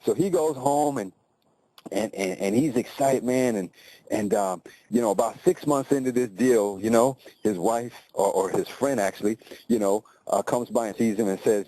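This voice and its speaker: A man's voice: medium pitch, expressive, moderate pace, warm tone, low-quality recording. A man telling a motivational story in a conversational way, often checking in with tag questions.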